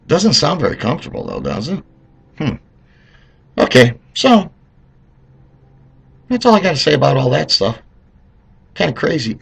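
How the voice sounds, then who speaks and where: A man's voice: on the high side, creaky, fairly bright tone. A middle-aged man from the United States delivering a heated, rambling and sarcastic vlog rant. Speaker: political vlogger. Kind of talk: ranting vlog monologue.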